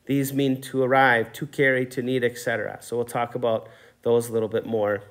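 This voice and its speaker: A man's voice: mid-range voice, fairly quick. A man teaching a Spanish class in a recorded lesson, steadily reading out vocabulary words and explaining their accents. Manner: steady, patient, reads word lists aloud and explains accents.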